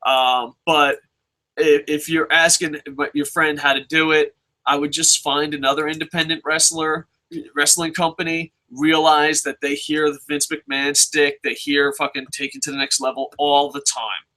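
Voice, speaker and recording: A man's voice: a little high, level tone, moderate pace, sharp tone, low-quality recording. A young man giving blunt, profane advice in a rambling casual monologue, full of restarts and swearing. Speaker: vlogger answering viewer questions.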